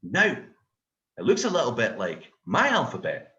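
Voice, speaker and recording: Scottish man, stand-up comedian, swings his pitch a lot, animated and sweary, echoey room. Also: moderate pace, muffled recording. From Scotland. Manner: animated storytelling, swears often.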